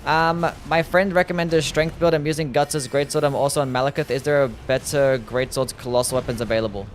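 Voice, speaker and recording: A man with a mild Australian accent streaming a game, chatting casually and reading viewer messages aloud, easygoing and quick to laugh. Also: mid-range voice, steady tone, a little hiss or hum. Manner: laid-back, easygoing, laughs often, loose with fillers. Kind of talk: casual livestream gameplay chat, reading chat aloud.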